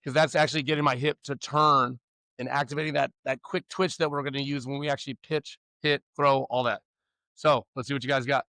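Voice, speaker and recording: A man coaching young pitchers through a warm-up, loud and upbeat, teasing the players between drills. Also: fairly even intonation, fairly quick, no echo, clean studio sound.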